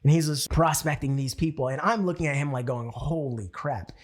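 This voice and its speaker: A man's voice: a little high, fast. A man training people in network marketing with a motivational talk, telling stories animatedly and acting out quotes. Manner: animated storytelling, acts out quotes.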